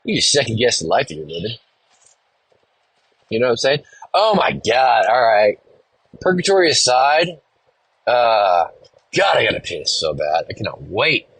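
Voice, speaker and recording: A man's voice: mid-range voice, big pitch swings, normal speed, pauses often, a bit bright, husky, dry recording, low-quality recording. A young man hosting a solo podcast, rambling through a profane, slangy story with lots of animation. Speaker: podcast host. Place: in a car.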